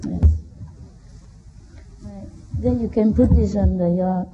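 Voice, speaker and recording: Slow, playful woman addressing a crowd. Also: mid-range voice, background noise. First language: Vietnamese. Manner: playful, laughing, chatting with the crowd. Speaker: spiritual speaker. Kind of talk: live talk to an audience. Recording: dull lo-fi live recording.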